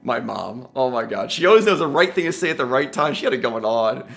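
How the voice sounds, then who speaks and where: Middle-aged man, motivational speech, exuberant and gushing, lively swooping pitch, bright voice, faint music behind. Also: a little fast, creaky. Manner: exuberant, gushing, keeps exclaiming and addressing listeners as guys. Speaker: commencement speaker.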